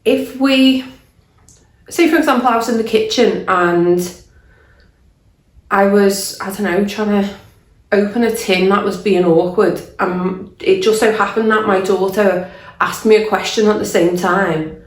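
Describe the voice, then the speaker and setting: A woman's voice: medium pitch, moderate pace. A woman, a life coach, talking candidly and earnestly to camera, often restarting her sentences as she thinks aloud. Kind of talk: casual talk to camera. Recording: roomy echo.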